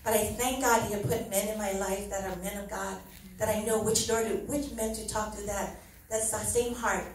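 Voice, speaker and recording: A woman's voice: medium pitch, steady tone, moderate pace. A middle-aged woman giving an earnest, heartfelt church testimony, often laughing as she speaks. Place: church hall. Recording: very echoey hall, mic from far off.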